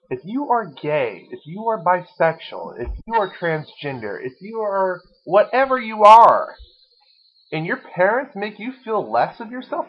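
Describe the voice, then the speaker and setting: Brief: young male podcast host, husky and animated, rambling and crude, lo-fi home sound. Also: high voice. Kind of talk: casual podcast chat. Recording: lo-fi dull recording.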